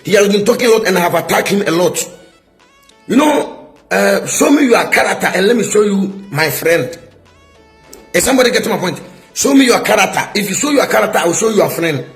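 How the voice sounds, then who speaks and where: A man's voice: high-pitched, expressive, fairly quick, faint music behind. A middle-aged man with a Ghanaian English accent, a prophet scolding a rival in a heated video response, full of rhetorical questions.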